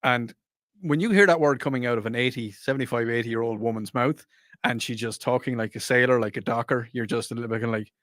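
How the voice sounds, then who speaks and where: Guy cohosting a radio show, mid-pitched, telling stories and poking fun at himself, dry mic. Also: quick pace, a bit bright, dry recording. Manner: storytelling, self-mocking. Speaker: radio co-host. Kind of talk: casual radio banter.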